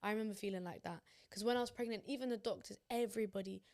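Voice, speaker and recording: A woman's voice: mid-range voice, a little mellow. A young woman, chatting emphatically on a podcast and acting out quotes. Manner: emphatic, quick, acts out quotes. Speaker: podcast co-host. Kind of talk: casual chat.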